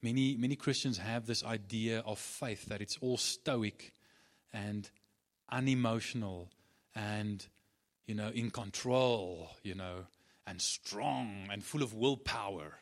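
A man's voice: lowish voice, slow. A man preaching a sermon, driving points home with repeated phrases and talking with frequent restarts and fillers. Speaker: pastor.

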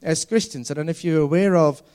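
Earnest preacher, slightly high voice. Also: male voice, darkish tone. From South Africa. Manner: earnest, stretches key words slowly for emphasis. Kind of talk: sermon.

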